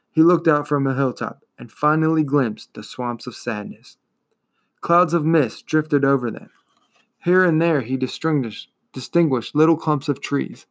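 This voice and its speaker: Reading from a fantasy novel, this male narrator speaks in a mid-range voice. His delivery is deliberate and full of expression, like a storyteller.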